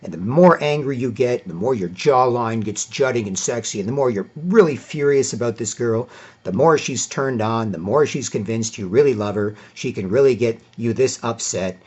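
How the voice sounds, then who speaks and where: A man's voice: medium pitch, moderate pace, darkish tone, breathy edge, muffled recording. A man ranting in a casual, profane, rambling commentary vlog. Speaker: vlogger and commentator.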